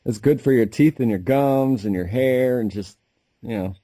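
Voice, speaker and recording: A man co-hosting a podcast, rambling through crude casual chat in a profane, deadpan way. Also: medium pitch, normal speed, no echo. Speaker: podcast co-host.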